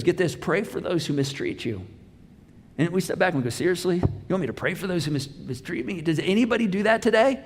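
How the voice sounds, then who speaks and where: A man preaching a sermon as pastor, telling a personal story with lively acted-out dialogue. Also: high-pitched, fast, in a large hall. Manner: animated storytelling, acts out dialogue. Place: church auditorium.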